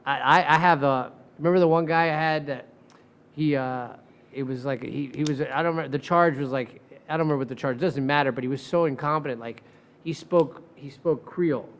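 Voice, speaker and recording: High-voiced man telling animated stories. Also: brisk. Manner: animated, acts out quoted voices, profane. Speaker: defense attorney. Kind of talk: casual storytelling.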